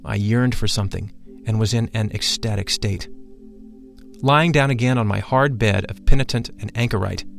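A man reading a spiritual first-person memoir aloud in a measured, solemn manner. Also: medium pitch, gravelly. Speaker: narrator.

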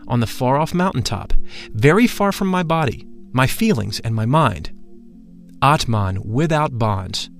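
A man narrating a first-person spoken story in a solemn, measured way. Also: medium pitch, gravelly.

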